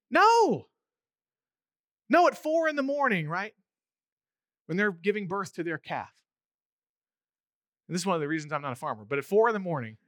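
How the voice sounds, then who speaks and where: A male pastor preaching a conversational sermon, animated and acting out little voices as he goes. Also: high-pitched, no echo, clean studio sound.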